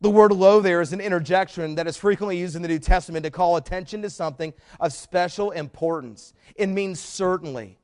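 A man preaching a sermon as pastor, swinging from hushed stretches to loud emphatic climbs. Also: sits high, fairly quick, few pauses.

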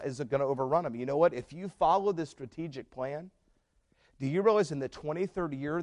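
A man preaching a sermon as pastor, swinging from hushed stretches to loud emphatic climbs. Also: on the high side.

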